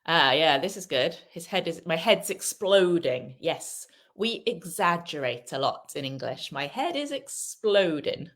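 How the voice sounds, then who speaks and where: Slow, patient woman teaching English. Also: fairly low pitch, animated, a bit bright. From Wales. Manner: patient, encouraging, repeats key phrases slowly. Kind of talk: live online English lesson.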